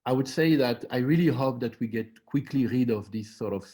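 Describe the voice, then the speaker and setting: A man speaking as an artist and curator in a panel discussion over a video call, slow and reflective, pausing often. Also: mid-range voice, warm tone.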